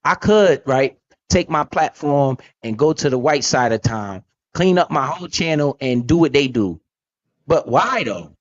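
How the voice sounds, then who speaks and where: A man's voice: on the high side, expressive, measured pace, muffled recording. Blunt, profane man talking money. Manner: blunt, profane, emphatic slang. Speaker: podcast host. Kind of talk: casual profane finance talk.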